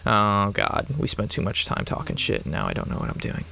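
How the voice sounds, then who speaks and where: A man's voice: fairly low pitch, wildly swooping pitch, fairly quick, creaky, bright, forceful tone, a little hiss or hum. Chatty young man commentating a card game. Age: 20s. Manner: rambling, chatty, swears and laughs often. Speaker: card game player commentating his own match. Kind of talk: casual gameplay commentary mixed with an anecdote.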